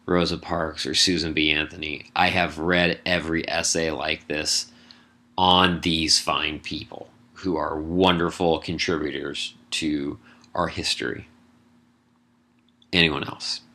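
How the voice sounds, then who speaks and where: Man, low voice, bright sound, casual lecture, wry asides, brisk lists. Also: flat delivery. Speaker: college English instructor. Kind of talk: recorded lecture explaining an assignment.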